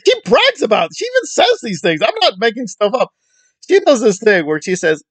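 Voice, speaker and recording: A man's voice: high voice, very animated, a little fast, no echo. Guy ranting about movies, voice jumps all over the place, dry close sound, sarcastic and worked up. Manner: heated, rambling, sarcastic. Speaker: online film commentator. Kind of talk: ranting commentary.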